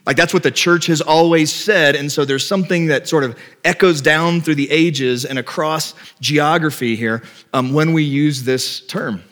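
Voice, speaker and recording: A man's voice: on the high side, moderate pace, fairly bright tone. A man, a pastor, preaching a conversational sermon to his church, explaining and asking his listeners rhetorical questions. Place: church before a congregation.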